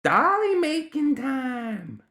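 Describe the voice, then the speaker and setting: A man voicing a small, stubborn green gremlin girl who chants in a shrill, insistent voice. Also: huge pitch swings, very slow, sharp tone, full character voice. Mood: shrill chanting.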